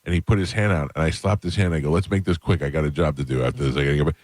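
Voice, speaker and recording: Deep-voiced man telling a story. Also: very fast, no echo, clean studio sound. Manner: animated, acts out quoted voices. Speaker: radio host. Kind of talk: casual storytelling. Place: radio studio.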